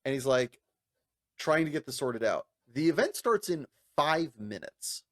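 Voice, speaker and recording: Speaking at a measured pace, a man co-hosting a podcast relates a lengthy story in easygoing talk, cursing, laughing and imitating others in high-pitched voices. The audio is studio quality, with no room sound.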